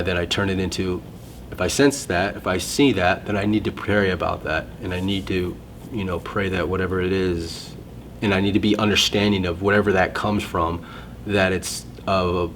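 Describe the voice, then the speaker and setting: Guy with a really low voice chatting, keeps cutting himself off mid sentence, faint rumble behind. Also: moderate pace. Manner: rambling, self-interrupting storyteller. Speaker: guest sharing testimony. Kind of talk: casual conversation.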